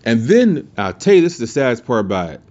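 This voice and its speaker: A man's voice: medium pitch, big pitch swings, fast talker, a little mellow. A man hosting a podcast, telling a story in a casual, rambling, profane way with plenty of restarts. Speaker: podcast host. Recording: muffled lo-fi recording.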